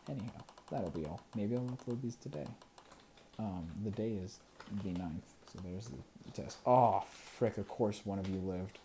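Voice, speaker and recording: A creator narrates quietly to themselves while playing, counting softly, laughing a bit and occasionally whispering. Their low, warm voice has vocal fry and moves at a normal speed against slight background noise.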